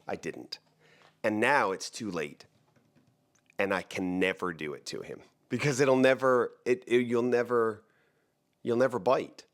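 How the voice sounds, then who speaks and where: A man's voice: medium pitch, a little slow, long pauses. A man who hosts a real estate show, chatting casually to the camera in a rambling, joking way, often breaking off mid-sentence. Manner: rambling, joking, self-interrupting.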